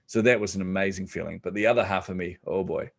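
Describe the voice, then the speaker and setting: Kiwi guy, middle-aged, low gravelly voice, laid back and jokey, lots of ums. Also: quick pace. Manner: relaxed, joking, many ums. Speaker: podcast guest, entrepreneur. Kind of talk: casual storytelling interview.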